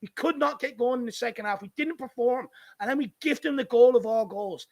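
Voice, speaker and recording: A man's voice: very high voice, fairly quick. An Irish man hosting a live football watchalong, ranting furiously and swearing at his team's defending. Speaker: fan channel host. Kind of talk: live match watchalong commentary.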